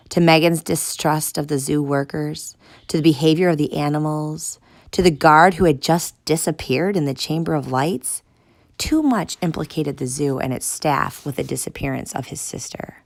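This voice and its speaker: Brief: woman storybook narrator, deep and gravelly, steady reading. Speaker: audiobook narrator.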